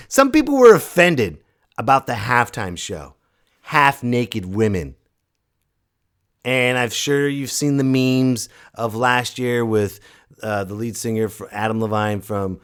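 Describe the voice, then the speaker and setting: A low-voiced man in his thirties riffs through a casual solo podcast, his pitch swinging all over the place. He talks in excited bursts, stops and restarts mid-sentence, and jumps into loud high shouts when he imitates other people. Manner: excitable, joking, trailing off and restarting. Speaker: podcast host.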